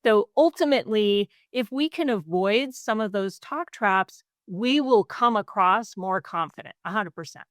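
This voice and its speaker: A woman co-hosting a podcast, giving speaking advice in a conversational way and acting out example phrases with swooping pitch. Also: expressive, measured pace, hardly any pauses, no room sound, studio quality. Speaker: podcast co-host. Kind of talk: conversational coaching talk.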